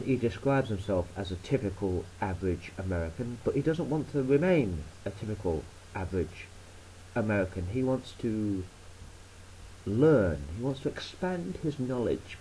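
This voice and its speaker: A man with an English accent talks straight to camera in a loose, meandering vlog, blunt and sarcastic and quick to swear. His voice sits on the low side with a soft, mellow tone. His pitch leaps around animatedly as he goes off on tangents. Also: very animated, slight background noise, poor audio. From England. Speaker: vlogger. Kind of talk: rambling casual monologue.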